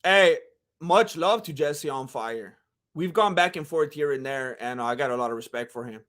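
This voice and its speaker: Brief: high-pitched male streamer, lively and rambling, casual commentary. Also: moderate pace. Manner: animated, rambling, jumps into voices. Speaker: livestream host.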